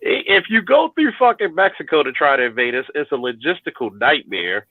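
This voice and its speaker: A man's voice: a little high, sing-song, fairly quick, dry recording, phone-quality sound. A man hosting a casual chat, swearing freely, laughing and restarting his sentences. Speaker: host.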